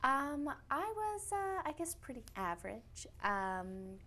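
A woman's voice: high voice, big pitch swings, slow pace, bright, forceful tone. Chatty young woman from Canada. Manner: chatty, laughs often, trails off with fillers. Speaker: actress guest. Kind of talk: casual interview.

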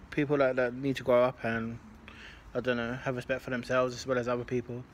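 An English man chats on a railway platform, lecturing with indignation about how people ought to behave. He speaks in a flat, level tone with little rise and fall. The clatter of an urban station comes through clearly. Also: mid-range voice, fairly quick. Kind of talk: casual chat. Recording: noisy urban station ambience.

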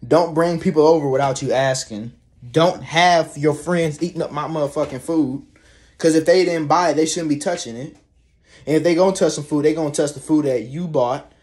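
Young man, slightly high voice, rambling profane rant, fed up, casual vlog talk. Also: normal speed, a little mellow. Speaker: vlogger. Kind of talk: casual ranting monologue.

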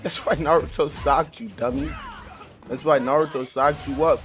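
A gaming channel host commentates live gameplay at a normal speed, packed with slangy trash talk. He swings from quiet mutters to excited yelling.

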